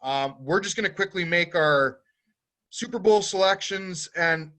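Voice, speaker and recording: A man's voice: high voice, a little slow, sharp tone. A man co-hosting a sports podcast, running through the week's sports in a casual, filler-heavy way. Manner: loose, filler-heavy rundown of sports news. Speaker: podcast co-host.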